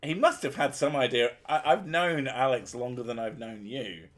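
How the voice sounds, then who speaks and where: A man's voice: mid-range voice, moderate pace. A man streaming, chatting casually with a profane, joking manner and frequent laughter. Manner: profane, jokey, laughs often. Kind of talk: crude casual chat.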